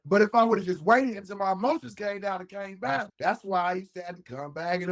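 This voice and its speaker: Young adult male co-host, higher-pitched, casual and profane, acts out dialogue. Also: a little fast, creaky. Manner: animated, acts out quoted dialogue, swears freely. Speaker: podcast co-host. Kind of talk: casual conversation.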